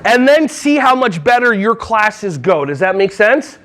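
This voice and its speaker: A man from New Jersey giving a playful, animated keynote on early childhood classroom management to a conference crowd. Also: high-pitched, measured pace. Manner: playful and animated, breaking into silly voices and songs. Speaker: early childhood education trainer. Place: large conference hall.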